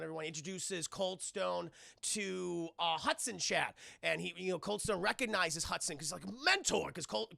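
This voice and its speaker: Gravelly, bright-voiced male streamer. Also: a little high, no echo, clean studio sound. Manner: animated, profane, talks to chat. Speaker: streamer reviewing a cartoon. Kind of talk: casual live-stream commentary.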